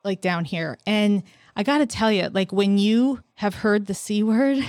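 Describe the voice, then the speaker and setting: A podcast host in her forties speaks at a medium pitch and a slightly slow pace, captured in a dry, studio-quality recording. In casual chat she tells stories animatedly, acting out what people said.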